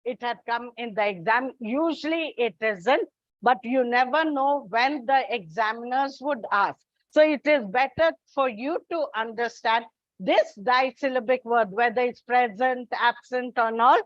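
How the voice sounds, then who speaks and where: A woman coaches students for an English exam, speaking slowly and deliberately, spelling out letters and repeating key points. Her voice is fairly high, and the recording is dry, a bit dull and lo-fi, with no room sound.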